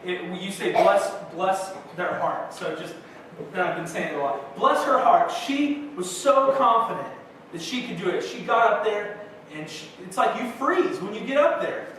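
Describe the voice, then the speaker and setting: Very animated and high-pitched, with a fairly bright tone, a young pastor preaches at a moderate pace and tells his congregation casual, self-deprecating stories. He's in a church sanctuary, heard from far away in the echoey hall with a faint hint of noise.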